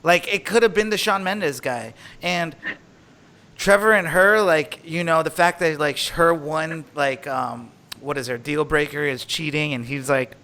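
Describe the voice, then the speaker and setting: Young male co-host, bright and sharp tone, rambling filler-heavy casual chat. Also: fairly high pitch, measured pace. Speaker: podcast co-host. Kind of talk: casual chat recapping a reality show.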